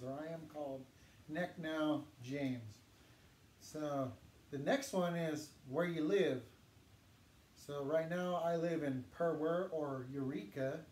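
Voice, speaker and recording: A man teaching a language lesson, patiently saying words slowly for learners to repeat. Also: fairly high pitch, darkish tone. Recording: echoey room with faint noise.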